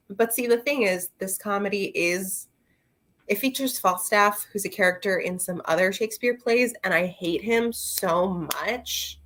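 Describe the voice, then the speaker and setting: Woman booktuber, slow rambling chat, loose and unscripted, filler-heavy. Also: medium pitch, bright, forceful tone. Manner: rambling, chatty, full of fillers and asides; talks to her viewers and a friend directly. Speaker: book reviewer. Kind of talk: casual book review chat.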